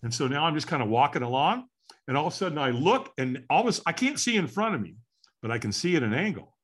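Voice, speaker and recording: A man's voice: fast talker, husky. A man in his sixties telling a personal story as a podcast guest, acting out what people said with big swings in his voice. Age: 60s. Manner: animated, acts out quotes with big pitch swings.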